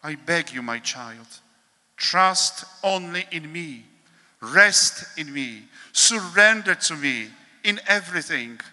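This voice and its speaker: A priest reading a devotional meditation in a slow, measured, solemn way, with pauses, in a large hall. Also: male voice, a little high, expressive, pushed and bright.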